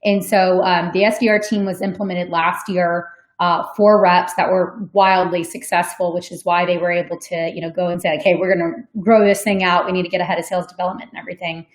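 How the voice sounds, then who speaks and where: A woman's voice: lowish voice, level tone, fairly quick, hardly any pauses. A woman answering audience questions in a webinar, talking casually with many ums and likes. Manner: conversational, frequent "um" and "like", laughs easily. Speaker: sales development manager on a webinar. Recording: echoey room.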